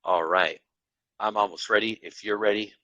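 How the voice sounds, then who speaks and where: A man's voice: fairly low pitch, fairly even intonation, normal speed, pushed and bright, dry recording, highs cut off. A man hosting a podcast in casual chat, upbeat and laughing, giving pep talks. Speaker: podcast host.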